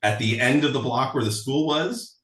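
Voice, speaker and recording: A man's voice: mid-range voice, moderate pace, a bit bright, roomy sound, distant mic, poor audio. A man telling stories from his life in a casual interview, chatty and full of fillers, laughing often. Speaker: songwriter guest.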